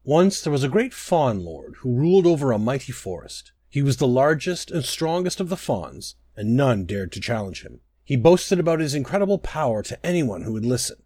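A man narrating a scripted druidic fable in a measured storytelling manner. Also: medium pitch, very animated, dark tone, dry recording.

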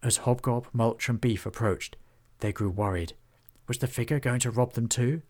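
A man narrating a children's fantasy storybook in a steady, even manner. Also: medium pitch, moderate pace.

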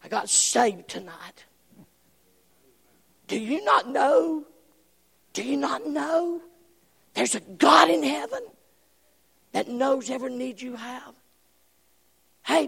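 A man preaching a sermon, impassioned, swinging from shouts to hushed whispers. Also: very high voice, slow, vocal fry, long pauses, long reverb tail.

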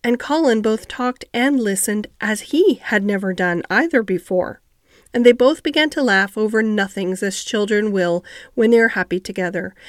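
A woman narrating a classic children's novel steadily and clearly as an audiobook reader. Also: mid-range voice, no room sound, clean studio sound. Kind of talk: storybook narration.

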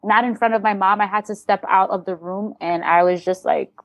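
A woman's voice: medium pitch, steady tone, a little fast, a bit bright, no room sound. A woman talking as an interview guest, telling a personal story candidly and bluntly, with swearing and re-enacted dialogue.

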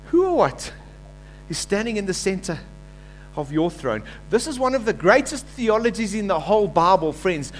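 High-voiced pastor preaching. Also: male voice. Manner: animated preaching, acts out quoted voices, asks congregation to repeat. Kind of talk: sermon.

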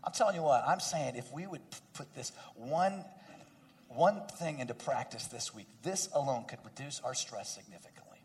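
A man preaching a sermon as pastor, talking to the congregation in a conversational way and dropping to hushed emphasis for key points. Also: medium pitch, lively intonation, normal speed.

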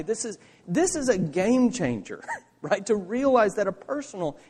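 Animated preaching man, high lively voice. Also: long reverb tail. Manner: animated preaching, swinging from emphatic to hushed. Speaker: pastor. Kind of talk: sermon.

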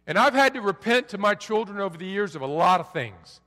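A middle-aged male pastor preaching a sermon, swinging from soft pleading lows to loud forceful peaks. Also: very animated, brisk, few pauses. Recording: long reverb of a large hall.

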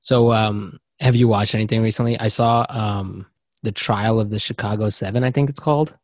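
A man's voice: on the low side, fairly even intonation, normal speed, no room sound, clean studio sound. Teasing man. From India. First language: Marathi. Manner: teasing, laid-back banter. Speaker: podcast co-host. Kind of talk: casual chat.

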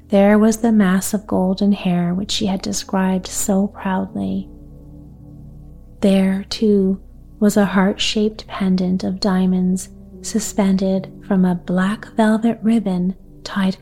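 A woman reading a gentle bedtime story aloud in a soft, unhurried way. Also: medium pitch.

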